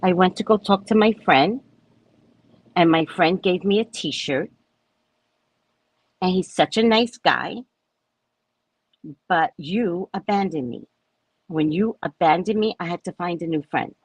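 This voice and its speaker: A woman host with a lowish, breathy-edged voice tells a story in an unhurried, casual way, pausing often, on a rough recording without echo. Animated, she acts out the quotes, keeps saying "right?", and swears casually.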